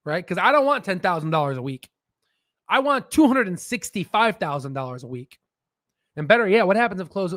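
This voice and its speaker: Excitable male stream host, high-pitched, dry close sound, profane and mocking. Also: no room sound. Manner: excitable, swears, mocks in shrill put-on voices. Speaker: stock market livestream host. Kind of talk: casual livestream rant.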